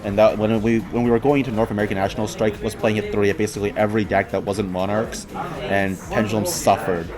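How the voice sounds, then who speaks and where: A man's voice: on the low side, level tone, quick pace, music in the background. A friendly man with a Canadian accent, a guest explaining his views on card games. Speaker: guest player. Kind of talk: casual chat about card games.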